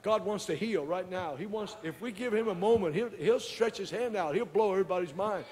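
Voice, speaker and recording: A man preaching a sermon as pastor, moving between quiet storytelling and shouted exhortation. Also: high-pitched, fairly quick, long reverb tail.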